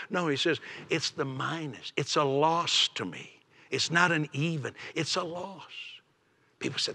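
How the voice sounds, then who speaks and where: Man, sermon, raspy, somewhat high voice, emphatic, stammering restarts, dips to whispers. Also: animated, normal speed, pushed and bright. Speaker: preacher.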